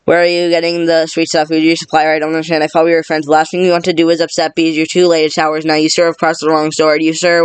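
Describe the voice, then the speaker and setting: A man reading a film script aloud in a rapid, flat delivery, stumbling over words now and then. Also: fairly high pitch, smooth, dry recording. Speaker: reader.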